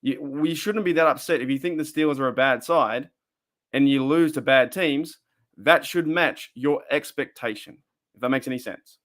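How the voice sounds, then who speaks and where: A man's voice: mid-range voice, moderate pace, fairly bright tone. A young Australian man hosting a casual live stream, rambling and repeating himself as he reads the chat.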